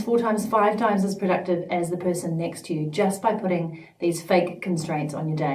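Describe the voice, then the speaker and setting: A woman's voice: medium pitch, moderate pace, few pauses, a little mellow. A woman vlogging straight to camera, emphatic and playful, sometimes slipping into mock voices. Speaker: vlogger and business coach. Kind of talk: direct-to-camera vlog. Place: studio at home. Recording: echoey room, mic at a distance.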